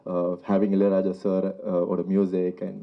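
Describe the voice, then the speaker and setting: Fast-talking actor. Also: male voice, deep voice, monotone, creaky. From North Madras, India. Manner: rapid, halting, many fillers. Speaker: actor at a trailer launch. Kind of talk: stage speech at a press event. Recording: dull lo-fi event audio.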